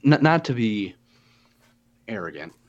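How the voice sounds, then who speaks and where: A man's voice: fairly low pitch, a little slow. Profane young man telling a story. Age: 20s. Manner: profane, animated retelling with quoted dialogue. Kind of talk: casual storytelling chat. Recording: dull lo-fi audio.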